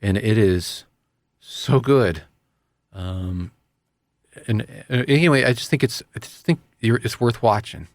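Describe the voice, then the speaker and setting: A man's voice: on the low side, unhurried, pauses often, no room sound. Earnest man hosting a chat show, dry studio sound. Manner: earnest, rambling, self-deprecating. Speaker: radio host. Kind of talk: casual chat.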